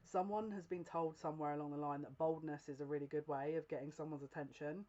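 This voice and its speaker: A woman's voice: sits low, steady tone, quick pace, warm tone. A woman reads for her viewers in a casual, confiding tone of voice. She keeps breaking into giggles and restarting her sentences. The home recording sounds a little dull. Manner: earnest, confiding, direct address to viewer. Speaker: psychic reader. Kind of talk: casual tarot-style general reading to camera.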